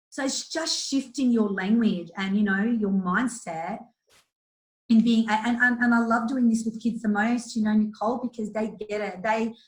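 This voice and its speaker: A woman talking as an interview guest about coaching children, earnest and animated, speaking bluntly with mild swearing. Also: medium pitch. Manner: earnest, animated, acts out quotes. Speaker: guest, youth empowerment and kids' yoga coach. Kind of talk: casual interview talk. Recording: roomy echo.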